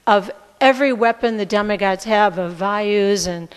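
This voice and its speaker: A woman's voice: medium pitch, moderate pace, clean tone, in a large hall, close to an everyday voice. A woman voicing a proud, demanding warrior king as she tells a scripture story. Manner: demanding, boastful.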